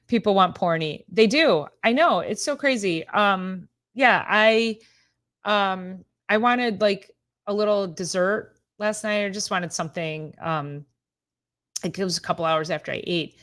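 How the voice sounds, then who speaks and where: A woman's voice: medium pitch, slow, fairly bright tone. A middle-aged woman hosting a casual live-stream chat as a chiropractor. She rambles, laughs often and talks straight to her viewers by name. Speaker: host, chiropractor.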